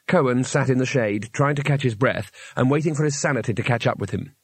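A man narrating a fantasy novel audiobook in an even storytelling manner. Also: mid-range voice, fairly quick, husky, no room sound. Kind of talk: scripted narration.

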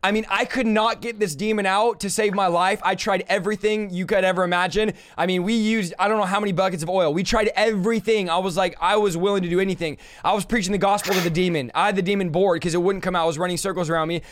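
A man hosting a podcast in casual chat, an animated storyteller with an emphatic, fired-up preacher's delivery. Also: high voice, quick pace, few pauses. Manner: animated storyteller acting out exchanges. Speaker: podcast host.

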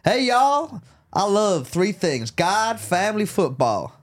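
A man's voice: sits high, very animated, takes it slowly, pitched above the performer's own voice, full character voice. A man doing a brash bigoted Southern guy. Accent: American Southern. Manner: brash, shouty, twangy.

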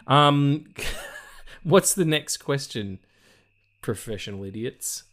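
A man's voice: medium pitch, expressive, slow, a bit bright. A man hosting a casual film podcast, rambling and joking with plenty of ums. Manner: rambling, jokey, lots of ums. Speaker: podcast host.

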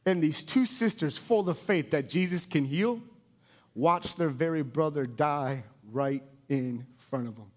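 A pastor in his thirties with a slightly high voice preaches with lively swings, booming one moment and dropping low and quiet the next. He talks like a storyteller who leans hard into each point. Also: a little slow. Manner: animated storyteller, swinging from loud bursts to soft, low emphasis. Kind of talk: sermon.

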